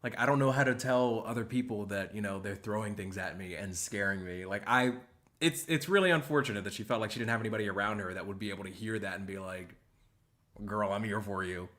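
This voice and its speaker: Bright-voiced man reacting on a live stream. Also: on the low side, quick pace. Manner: animated, emphatic, reads out chat. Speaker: host reacting to a clip.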